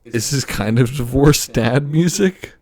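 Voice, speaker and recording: A man's voice: mid-range voice, unhurried, darkish tone. A young man co-hosting a casual podcast, tipsy and joking, swearing and laughing often as he reviews albums. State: tipsy from drinking soju. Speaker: podcast co-host.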